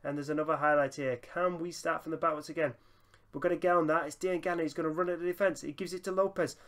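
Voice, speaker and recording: A young man giving excitable running commentary over a football management game, breaking into laughter and shouts. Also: fairly high pitch, quick pace. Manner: excitable, bursts into shouting and laughter at big moments. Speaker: gaming YouTuber.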